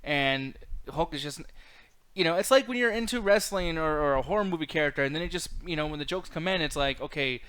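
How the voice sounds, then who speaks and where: Fast bright-voiced man chatting. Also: a little high, clear, resonant tone. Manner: fast, emphatic, swears a lot, reads chat comments aloud. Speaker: podcast co-host. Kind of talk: casual pop-culture chat.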